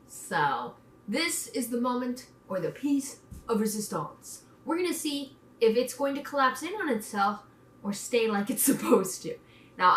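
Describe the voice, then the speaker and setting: A woman's voice: medium pitch, pushed and bright, a little hiss or hum. A woman vlogger chatting casually and poking fun at herself while she works on a craft project. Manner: chatty and self-deprecating. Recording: roomy, from a distance.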